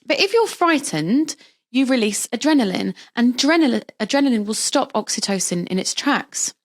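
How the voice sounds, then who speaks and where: Lively woman explaining with vivid examples. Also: on the high side, moderate pace. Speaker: birth practitioner, guest. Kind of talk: casual interview talk.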